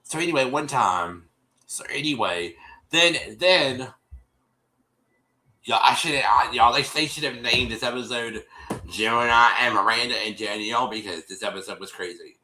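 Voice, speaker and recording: Recapping a TV episode on his stream, this host talks at normal speed in a medium-pitched voice with a bright, forceful tone. He rambles, keeps restarting, and calls his viewers y'all, and his streaming microphone yields poor audio.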